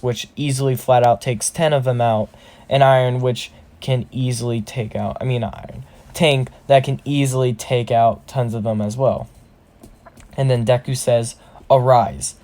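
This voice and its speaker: A man's voice: mid-range voice, fairly even intonation, moderate pace, a little mellow. Rambling man narrating fan fiction. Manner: rambling, self-correcting. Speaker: storyteller.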